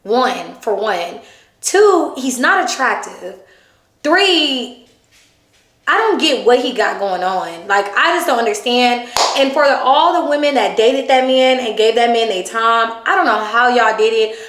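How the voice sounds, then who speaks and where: A woman vlogger telling a dating story in casual chat, animated, dropping her voice low to quote her date. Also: a little slow. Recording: echoey room.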